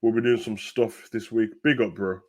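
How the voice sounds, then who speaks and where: A young man hosting a live football watch-along, chatting in slang and rising to loud, excited play-by-play. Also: fairly low pitch, normal speed.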